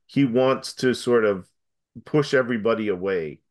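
A man's voice: medium pitch, moderate pace. A man in a casual film discussion, hedging and thinking aloud as he offers his view.

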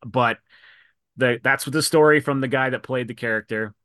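A man talking casually on a podcast, his voice bright and forward. The sound is dry and close to the mic, with no room around it. He tells stories with animation and acts out the lines he quotes. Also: mid-range voice, normal speed, no room sound. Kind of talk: casual chat.

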